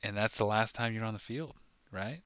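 Excitable low-voiced sports podcast man. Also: moderate pace, smooth, no room sound, highs cut off. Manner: excitable, laughs often, restarts a lot. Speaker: podcast co-host. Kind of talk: casual sports chat.

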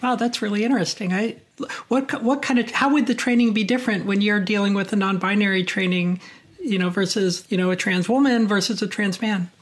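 A woman's voice: mid-range voice, fairly even intonation, brisk. Curious woman interviewer. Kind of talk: interview questions.

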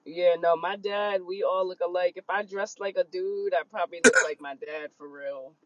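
A woman hosting a podcast, chatting casually and bluntly, telling lively stories and laughing often while out on a walk. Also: lowish voice, normal speed. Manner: blunt, animated storyteller who laughs often. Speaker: podcast host. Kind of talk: casual chat. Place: outdoors on a walk. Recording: muffled lo-fi sound.

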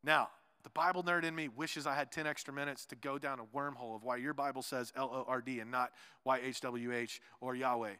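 A pastor preaching a sermon, moving between loud emphatic lines and soft quiet asides, with joking remarks to the congregation. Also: male voice, medium pitch, steady tone, brisk, clean tone. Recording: long reverb of a large hall.

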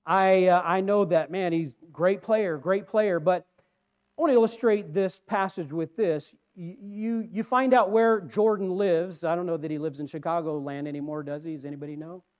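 A man's voice: a little high, steady tone, moderate pace, darkish tone. A man preaching a conversational sermon, rambling and putting questions to the congregation.

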